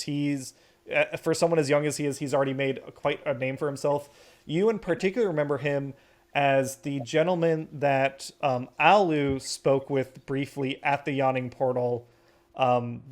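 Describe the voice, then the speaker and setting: A man running a tabletop game as game master, narrating with many pauses and ums. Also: mid-range voice. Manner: hesitant, many ums and uhs.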